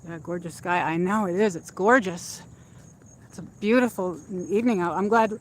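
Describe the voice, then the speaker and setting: With a mid-range voice, lively intonation, and a moderate pace, a woman chats into her handheld phone during a casual livestream. She wanders a shopping area at dusk, rambling with many fillers, and a slight background noise comes through.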